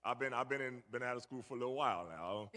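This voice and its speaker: A man's voice: medium pitch, quick pace, pushed and bright. A middle-aged man telling a story to a young audience and bantering with the crowd. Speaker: guest speaker. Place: large church hall. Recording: echoey church hall.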